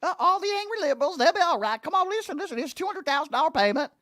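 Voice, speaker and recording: A man's voice: extremely high pitch, lively intonation, racing, a bit bright, no room sound, studio quality, pitched above the performer's own voice. A man putting on the voice of a male politician who brushes off a reporter in a mocking sing-song. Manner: sing-song, dismissive, repeating itself.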